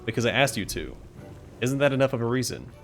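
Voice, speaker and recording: A man's voice: medium pitch, sing-song, fast talker, faint music behind. A man voicing a petulant female fecal demon queen who whines and boasts like a spoiled princess. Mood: petulant whining. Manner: whining, smug, self-pitying.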